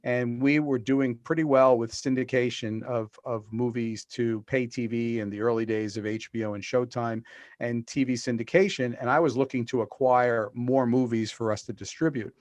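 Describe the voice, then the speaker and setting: A middle-aged man telling business stories as a guest over a video call. His voice sits mid-range and comes through dry and close, with no room sound. He slips into lively voices for the people he quotes. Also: medium pitch, moderate pace, no room sound. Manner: animated storyteller, acts out quotes. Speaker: guest, author.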